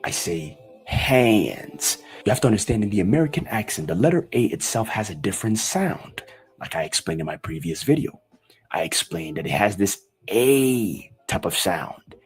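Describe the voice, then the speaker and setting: Husky man with a Nigerian accent. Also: deep voice, big pitch swings. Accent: Nigerian, Igbo. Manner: slow, deliberate, repeats example phrases. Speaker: online language instructor. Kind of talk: explanatory lesson.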